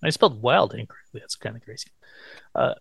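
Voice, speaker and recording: A man hosts a podcast in casual chat, retelling a TV episode with plenty of swearing and quick playful put-on quotes. His voice sits at an ordinary middle pitch. The sound is dry and close. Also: expressive, gravelly, fairly bright tone, breathy edge, no room sound. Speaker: podcast host.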